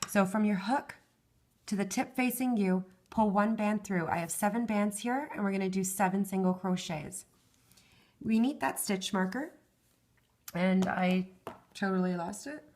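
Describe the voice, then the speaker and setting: A woman's voice: mid-range voice, unhurried, darkish tone. A woman giving a step-by-step craft tutorial, patiently explaining each hand movement and counting stitches aloud, her voice worn and fading. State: losing her voice.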